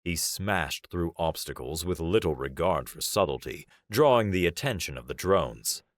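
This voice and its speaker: A man narrates a science fiction story in a measured, dramatic way. His voice is very deep and his intonation moves a lot, at an unhurried pace. The read is dry and close to the mic. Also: lively intonation, dry recording. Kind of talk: audiobook sci-fi narration.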